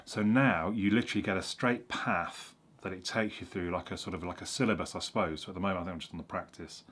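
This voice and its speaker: Rambling low-voiced man. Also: steady tone, fast, a bit bright, husky. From England. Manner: rambling, self-correcting, with frequent ums. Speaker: vlogger. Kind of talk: casual explanatory chat.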